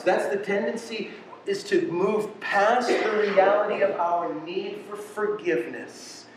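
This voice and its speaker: A man preaching a sermon with passion, swinging between quiet and loud delivery. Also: on the high side, a little hiss or hum. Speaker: pastor. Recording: echoey room from far off.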